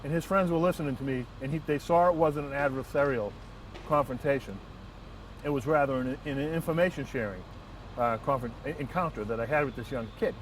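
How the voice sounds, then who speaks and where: A man, a transit police lieutenant, telling a work anecdote in an earnest, measured way with frequent restarts. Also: mid-range voice. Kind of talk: first-person anecdote and reflection. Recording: distant mic, faint outdoor traffic noise.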